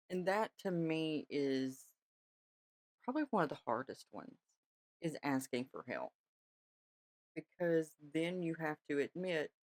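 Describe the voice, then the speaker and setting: A woman's voice: rumbling low, dry recording. Chatty woman, dry close sound. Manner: chatty, reassuring, many "all right?" check-ins. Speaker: podcast host. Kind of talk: casual spiritual talk.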